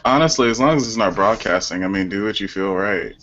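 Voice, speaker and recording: Bright sharp guy making dry jokes on a call, muffled audio. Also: lowish voice, quick pace. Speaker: guest on video call. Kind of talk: casual group video call chat. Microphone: video call.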